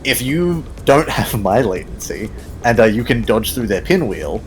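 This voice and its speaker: A man's voice: medium pitch, sing-song, moderate pace, soft background music, poor audio. A man chatting while gaming, self-deprecating and swearing freely. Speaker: gaming companion. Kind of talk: casual chat while gaming.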